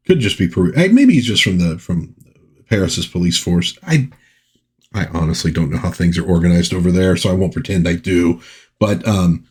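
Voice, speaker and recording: A low-pitched man talks his way casually through a comic book review. His voice has a husky grain, and he rambles in a chatty way, dropping wry little asides as he goes. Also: darkish tone. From United States.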